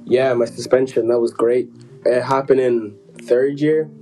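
A man in easy, casual conversation, rambling through a story with plenty of jokes and asides. His voice sits at an ordinary middle pitch, with faint music behind him. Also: fairly even intonation, a little slow, dark tone, poor audio. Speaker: podcast co-host telling a story. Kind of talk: casual chat.

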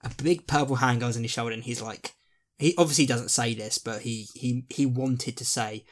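A man's voice: medium pitch, fairly even intonation, moderate pace. A man co-hosting a podcast, chatting casually and animatedly, swearing and acting out quotes from characters. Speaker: podcast co-host. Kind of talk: casual chat.

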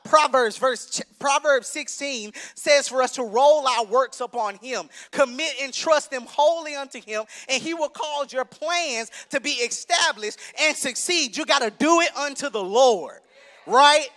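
A young adult man preaching a sermon, emphatic and conversational, rising to shouts. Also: very high voice, a little slow. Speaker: minister preaching.

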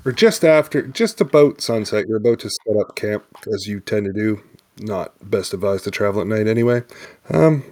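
A man narrating as game master of a western tabletop game, halting and loose. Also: fairly low pitch. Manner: halting, with many fillers and restarts.

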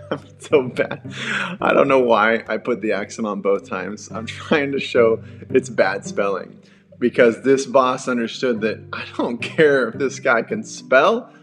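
A man's voice: mid-range voice, unhurried, a bit bright, soft background music. Chatty man teaching leadership. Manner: conversational, self-deprecating, storytelling asides. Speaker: pastor and podcast host.

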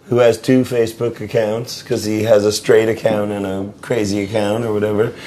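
A man's voice: lowish voice, little pitch movement, moderate pace, dark tone. A man hosting a casual late-night chat with a musician guest. He jokes, laughs and rambles. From visitor often based in Seattle. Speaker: podcast host interviewing a musician.

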